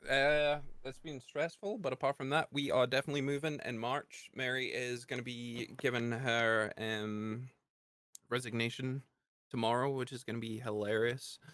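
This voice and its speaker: A man's voice: mid-range voice, little pitch movement, normal speed, a bit bright, no echo. Brief: man in a mid-range voice, wry banter, casual chat. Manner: joking, self-mocking banter. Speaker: podcast co-host. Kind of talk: casual gaming podcast chat.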